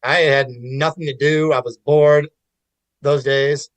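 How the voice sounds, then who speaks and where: A man's voice: on the high side, steady tone, takes it slowly, no echo, poor audio. A man in casual podcast conversation, talking candidly with restarts and swearing. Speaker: podcast guest. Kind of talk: casual chat.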